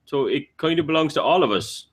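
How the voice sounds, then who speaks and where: A man's voice: on the high side, lively intonation, brisk, voice pushed up. A man voicing a naive, friendly young male wanderer who talks in an earnest, stammering way. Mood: cheeky. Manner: earnest and chatty, stammering apologies.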